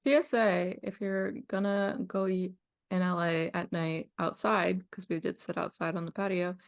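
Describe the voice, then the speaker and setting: Low, gravelly young woman, dry sound. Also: fairly even intonation, normal speed, dry recording. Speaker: podcast co-host. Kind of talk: casual chat.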